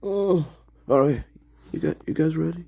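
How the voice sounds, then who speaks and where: A man's voice: on the high side, animated, normal speed, gravelly, warm tone. A man co-hosting a late-night livestream, laughing often, repeating himself and greeting viewers by name. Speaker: livestream co-host. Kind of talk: casual livestream chat.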